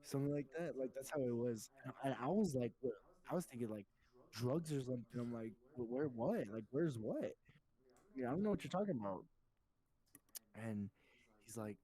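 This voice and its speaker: A young man co-hosting a casual podcast, telling a rambling, animated story and acting out shouted names. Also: mid-range voice, normal speed, low-quality recording. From Texas. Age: young adult. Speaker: podcast co-host.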